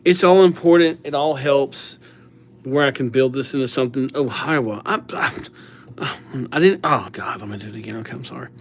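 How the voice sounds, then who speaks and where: A man's voice: mid-range voice, a little fast. A man chatting casually on a live stream, reading out viewers' names as he writes them and thanking subscribers. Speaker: livestreamer writing viewers' names.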